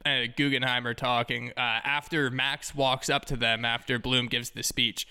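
A man co-hosting a podcast in relaxed casual chat, easygoing and quick to laugh. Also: mid-range voice, smooth. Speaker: podcast co-host.

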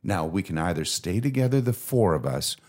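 A middle-aged man with a deep, low voice shares a heartfelt story as co-host of a podcast. He talks a little fast but earnestly and with feeling, reflective in the way of faith talk. His steady delivery feels sincere and encouraging.

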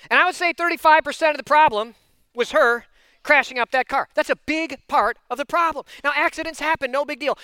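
A man preaching a sermon, telling a personal story in an animated, chatty way, full of asides and sudden loud bursts. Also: very high-pitched, no echo. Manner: animated and intense, given to loud outbursts. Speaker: pastor.

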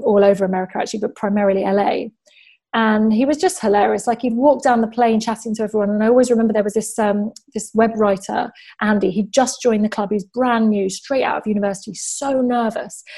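A football journalist shares stories in a relaxed interview. Her voice is mellow and sits a little high. She talks in a loose, chatty way with plenty of fillers. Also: vocal fry. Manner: chatty storyteller, many fillers like "like". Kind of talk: casual interview chat.

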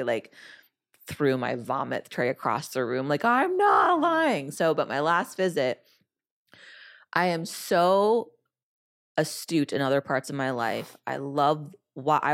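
Woman, podcast host, very deep voice, casual storytelling, acts out her own quotes. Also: vocal fry. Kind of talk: casual interview, personal storytelling.

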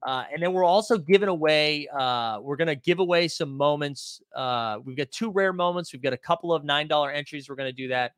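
A man's voice: on the high side, a little fast, hardly any pauses, a bit bright, no room sound, clean studio sound. A man hosting a casual livestream, reading out viewer comments in a loose, rambling way full of fillers and restarts. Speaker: livestream host.

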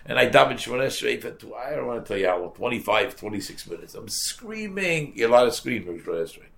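An older rabbi preaching in a storytelling way, his voice low and gravelly. He talks with animation, repeats his words and drops Yiddish and Hebrew terms as he goes. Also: rapid-fire, fairly bright tone. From United States. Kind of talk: storytelling sermon.

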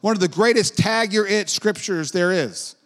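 A man's voice: high voice, normal speed. A man preaching a sermon in a conversational way, with lilting, sing-song emphasis and casual asides.

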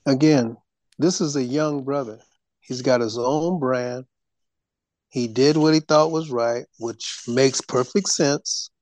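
A man hosting a show, giving slow, lecturing commentary to his audience. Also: medium pitch, a little mellow, no echo. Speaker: host. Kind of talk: preachy commentary.

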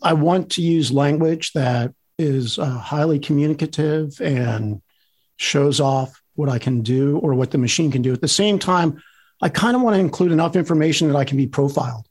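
A man's voice: on the high side, moderate pace, darkish tone, husky. A man hosting a casual chat, playfully asking provocative devil's-advocate questions. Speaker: podcast host.

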